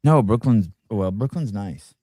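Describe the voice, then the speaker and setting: A man co-hosting a podcast in casual chat, teasing and deadpan. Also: lowish voice, unhurried, no room sound, studio quality.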